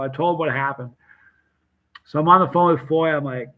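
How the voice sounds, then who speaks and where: A man hosting a casual live stream, telling animated stories with restarts and acted quotes. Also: medium pitch, a little fast, phone-quality sound. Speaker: hot sauce seller and channel host.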